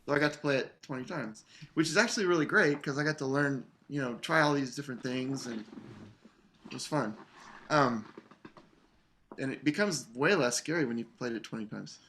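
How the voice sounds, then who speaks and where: A man coaching an English horn player in a masterclass, relaxed, singing phrases to show the rhythm. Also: mid-range voice, normal speed. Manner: relaxed, sings phrases to demonstrate. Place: online video masterclass.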